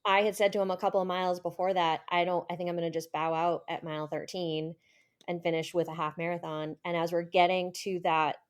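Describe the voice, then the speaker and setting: A woman's voice: fairly low pitch, little pitch movement, a little fast, smooth. A woman runner who is a guest on a podcast, telling stories in casual chat with frequent ums. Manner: chatty storyteller with frequent ums and laughs.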